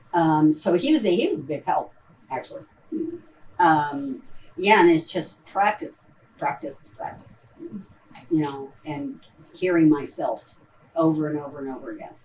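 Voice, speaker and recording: A woman with a Midwestern American accent speaks slowly and a little low, picked up from a distance in a theater with a faint hiss underneath. She rambles through her answers with plenty of ums and false starts, in casual post-show talk. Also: warm tone. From Ohio. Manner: rambling, hesitant, lots of ums and restarts. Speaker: stage actress in a post-show talkback. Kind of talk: casual talkback answering audience questions. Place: theater auditorium.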